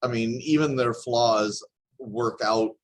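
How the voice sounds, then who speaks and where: A man in a casual board game discussion, giving short, joking answers with some halting. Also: medium pitch. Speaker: board game group member.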